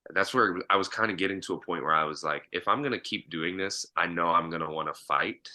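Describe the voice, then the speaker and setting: A young adult man, a podcast guest, chatting casually in an animated way and laughing often. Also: low-pitched, quick pace. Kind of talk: casual chat.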